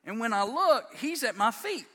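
A man's voice: very high-pitched, moderate pace. A man, preaching a sermon through folksy family stories and acting out his sons' voices. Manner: folksy, animated, acts out voices of his sons. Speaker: pastor. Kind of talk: sermon storytelling.

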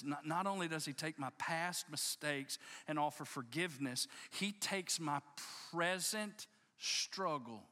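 Fired-up preacher guy, bright sharp voice, kinda high, stumbling over his words as he pushes on. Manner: impassioned, emphatic storytelling with frequent restarts. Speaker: pastor. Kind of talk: sermon. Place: church service before a congregation.

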